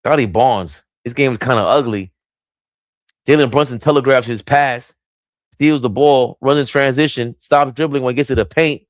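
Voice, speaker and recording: A man's voice: medium pitch, normal speed, no room sound, studio quality. A man streaming casual play-by-play commentary from home, hyped and playful with sing-song nicknames. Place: small room at home.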